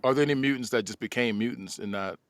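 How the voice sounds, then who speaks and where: A man co-hosting a podcast in casual chat, lively and quick to laugh, often restarting and trailing off mid-thought. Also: medium pitch, no room sound, studio quality. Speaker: podcast co-host.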